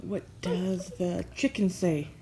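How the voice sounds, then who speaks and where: A woman prompting a toddler with slow, sing-song questions and demonstrating the animal noises for him to copy. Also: on the low side, noisy background. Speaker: parent teaching a toddler. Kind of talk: playful animal-sound prompting.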